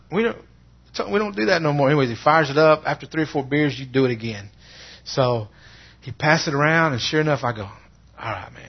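A middle-aged man, telling a personal faith testimony in an earnest, halting way and often repeating words. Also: mid-range voice, slightly rough. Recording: dull lo-fi recording.

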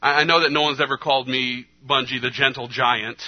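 A man preaching a sermon earnestly, his delivery moving between hushed, slow passages and emphatic ones. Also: medium pitch, steady tone. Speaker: pastor. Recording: slightly dull lo-fi sound.

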